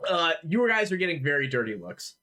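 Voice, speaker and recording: A man's voice: a little high, sing-song, brisk, sharp tone. A man narrating a tabletop role-playing game as game master, talking casually with many fillers.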